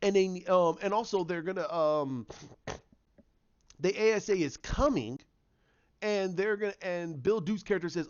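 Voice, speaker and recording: Excitable high-voiced male reviewer. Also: moderate pace, lo-fi sound. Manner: excitable, acts out characters' lines. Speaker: TV show reviewer. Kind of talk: casual fan episode breakdown.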